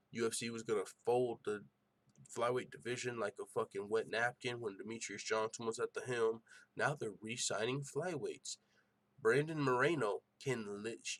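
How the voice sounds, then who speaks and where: A young man hosting a casual MMA show, ranting in an animated, profane way. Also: mid-range voice. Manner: animated, profane, excitable rants. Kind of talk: casual podcast commentary.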